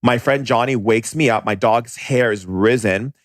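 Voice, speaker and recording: A man speaking as a podcast guest, telling stories bluntly and animatedly, in quick bursts with restarts. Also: medium pitch, dry recording, studio quality. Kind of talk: casual storytelling.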